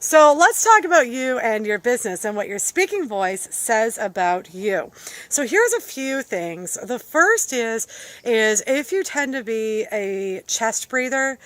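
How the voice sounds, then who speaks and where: A middle-aged woman voice coach with a slightly high voice teaches speaking skills in a casual, lively way. She breaks into quick demonstrations of different voices. The sound is dry and close, with no room echo. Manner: demonstrates voice qualities with playful imitations and laughs. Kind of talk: casual on-camera voice lesson.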